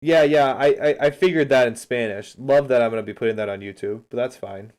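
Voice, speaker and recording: A man's voice: medium pitch, a little fast, a little mellow. Chatty man coaching over a livestream. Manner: chatty, talks straight to his viewers and answers chat. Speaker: streamer and game coach. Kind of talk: casual livestream replay analysis.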